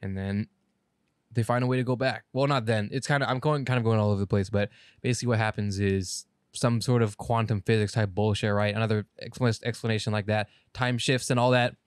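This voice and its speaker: A man's voice: lowish voice, fairly even intonation, brisk, clean tone, no echo, studio quality. A man co-hosting a podcast in casual chat, rambling through an anime plot, correcting himself and swearing casually. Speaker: podcast co-host.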